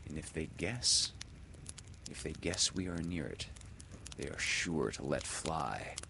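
A man's voice: very deep voice, animated, takes it slowly, vocal fry, sharp tone, slight background noise, exaggerated voice. A man voicing a bold, commanding boy hero in a storybook reading, speaking in clipped, stern tones. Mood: grave.

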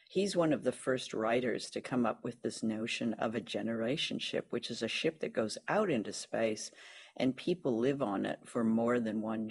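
A man's voice: mid-range voice, gravelly. A man co-hosting a podcast, chatting casually and enthusiastically about an old radio drama, with frequent fillers. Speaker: podcast co-host.

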